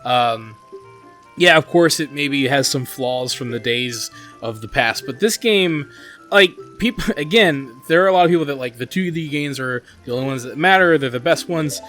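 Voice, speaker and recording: A man's voice: medium pitch, expressive, moderate pace, pushed and bright. A man hosting a gaming channel, talking through his gameplay in an earnest, rambling way, with many "like" and "you know" fillers. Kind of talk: casual gameplay commentary. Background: faint game music.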